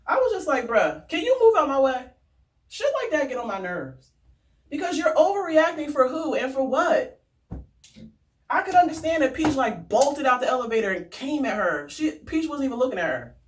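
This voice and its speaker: Animated woman with lively pitch, a bit off-mic. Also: normal speed, recorded from a distance, a little hiss or hum. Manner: animated, swearing, slangy. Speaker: vlogger. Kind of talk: casual storytelling rant.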